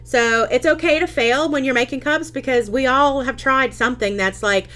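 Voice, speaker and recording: A chatty woman with a slightly high voice hosts a casual craft tutorial streamed live. She talks her viewers through each step and answers their comments as they come in, filling the gaps with ums and quick restarts. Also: sharp tone.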